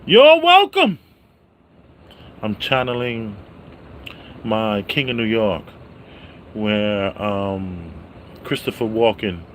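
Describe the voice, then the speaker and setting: A man reviewing a movie on a casual livestream, greeting viewers by name and loudly repeating his catchphrases. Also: lowish voice, a little hiss or hum.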